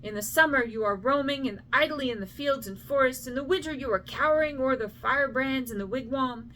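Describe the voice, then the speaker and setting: A woman voicing a mother scolding her lazy son in a bedtime story, her voice climbing higher as she complains. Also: brisk, pushed and bright, a little hiss or hum. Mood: exasperated. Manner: rising, exasperated scolding.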